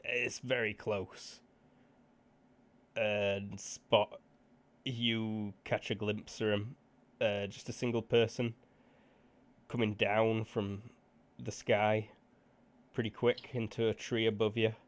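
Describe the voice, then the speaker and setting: Man, game master, slow deliberate pace, lowish pitch, narrating a tabletop session. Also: little pitch movement. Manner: slow, measured narration with fillers.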